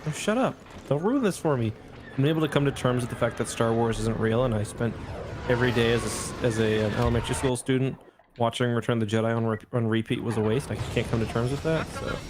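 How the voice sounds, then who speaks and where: A man hosting a gaming channel, wry and animated as he chats through a match. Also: medium pitch, fast talker. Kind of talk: casual gameplay chat. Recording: game noise behind voice.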